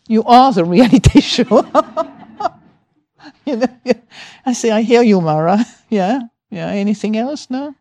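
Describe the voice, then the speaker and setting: A woman teacher giving an informal dharma talk, telling a lively story, laughing often and mimicking her own inner voice. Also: medium pitch. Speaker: meditation teacher.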